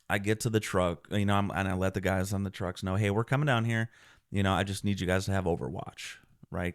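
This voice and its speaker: Man, veteran guest, low gravelly voice, earnest storytelling, clears throat often, dry close sound. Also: no room sound. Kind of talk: storytelling podcast interview.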